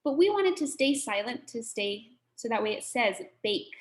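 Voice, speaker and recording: A woman teaching a children's phonics lesson, sounding out words slowly and patiently. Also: a little high, big pitch swings.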